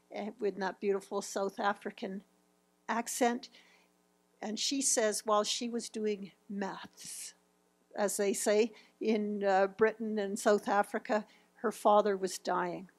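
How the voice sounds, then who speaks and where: A woman in her fifties presenting a grief seminar, speaking reflectively as she walks through slides and quotes. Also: medium pitch. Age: 50s.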